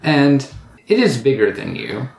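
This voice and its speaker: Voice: medium pitch, very animated, a little slow, gravelly, a little mellow. A game master narrating a tabletop game in an easygoing voice, with casual little asides between rolls. The recording is roomy and echoey, with a faint hiss underneath.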